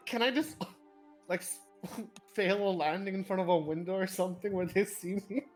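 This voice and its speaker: A tabletop game player who talks in a giggly, hesitant way and often trails off quietly. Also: medium pitch, normal speed, faint music behind.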